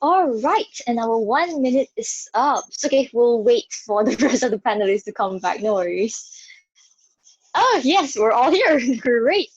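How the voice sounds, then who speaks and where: A woman moderates an online panel in a polite, brisk manner. Her voice is fairly high and breathy. The video call audio is dull and dry. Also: very animated, no echo. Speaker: forum moderator.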